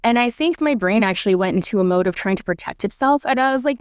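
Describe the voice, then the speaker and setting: Woman guest spilling a personal story, animated and candid, dry close sound. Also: medium pitch, fast talker, clean tone, no echo. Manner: candid, emotional, animated storyteller who acts out her own thoughts. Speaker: podcast guest.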